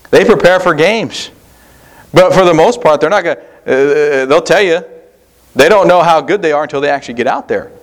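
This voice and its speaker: Earnest preaching man, slightly high voice. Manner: earnest preaching with repetition and pauses. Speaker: pastor. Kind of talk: sermon.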